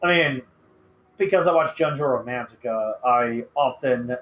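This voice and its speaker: A man hosting a casual podcast chat, excitable and profane, breaking into sudden loud outbursts. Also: medium pitch, normal speed, a little hiss or hum. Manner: excitable, swearing, shouts in bursts. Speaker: podcast host.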